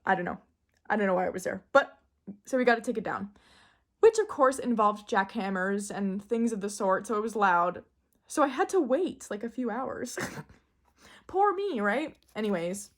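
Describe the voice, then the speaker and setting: A woman in casual, excitable chat, gushing and giggling as she shows off a new deck. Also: fairly high pitch. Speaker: tarot deck reviewer.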